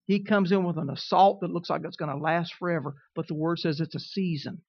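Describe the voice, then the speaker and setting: A middle-aged man preaching a sermon, telling humorous stories with lively rising emphasis. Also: on the high side, brisk, dull audio.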